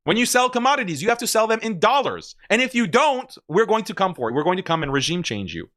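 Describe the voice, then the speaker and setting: A man talks through clips on a stream in casual, argumentative commentary. He is emphatic and laughs often, with a fairly high voice. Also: sing-song, quick pace, a bit bright.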